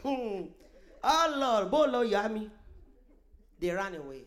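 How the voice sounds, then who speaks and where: High, lively woman preacher telling a testimony, emphatic with exclamations and asides. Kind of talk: sermon testimony storytelling.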